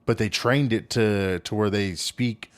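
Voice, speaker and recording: A man's voice: on the low side, fairly even intonation, a little slow. A man hosting a podcast in casual conversation, easygoing, with short agreeing replies. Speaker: podcast host.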